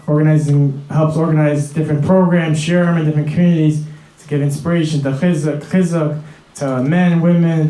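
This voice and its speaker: A man emceeing an event, making announcements and introducing a speaker, with a halting delivery. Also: on the high side, mellow, reverberant, rough recording. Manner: halting, many fillers and restarts.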